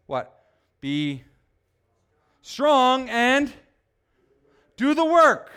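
A male pastor preaching a sermon, swinging from quiet asides to loud, emphatic exhortation. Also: high-pitched.

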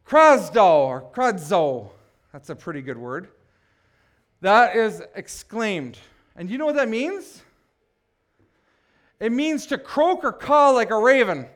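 A man preaching a sermon, building to passionate shouts and breaking off for joking asides. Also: high voice, big pitch swings, a little slow, pauses often. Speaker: pastor.

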